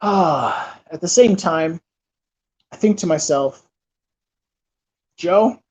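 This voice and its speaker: Rambling man in his thirties, slightly high voice. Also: slow pace, husky. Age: 30s. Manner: rambling, full of fillers and restarts. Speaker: channel host. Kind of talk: casual storytelling. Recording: dull lo-fi recording.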